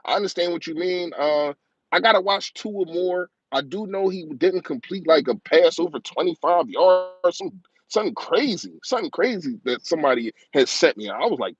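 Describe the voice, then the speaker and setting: A man's voice: on the high side, lively intonation, breathy edge, dry recording, dull audio. A man hosting a live-stream sports show. He talks in a passionate, rambling rant, repeating his points for emphasis and speaking emotionally about his team. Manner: passionate, rapid, ranting fan talk with emphatic repetition. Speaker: live-stream football talk host.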